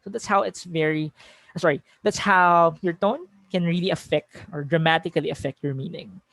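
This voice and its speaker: A man's voice: a little high, steady tone, fairly quick, vocal fry, a bit bright, no echo. Filipino man lecturing, dry close sound. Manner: reads example sentences aloud with shifting emphasis, frequent self-corrections. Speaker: teacher giving a webinar. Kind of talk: conversational lecture mixing English and Tagalog.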